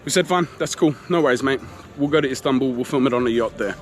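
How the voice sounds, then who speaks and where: A man's voice: mid-range voice, fast, soft background music. Man in his thirties venting. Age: 30s. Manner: animated, exasperated retelling with quoted exchanges. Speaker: travel vlogger. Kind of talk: casual storytelling to camera. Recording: faint street noise behind.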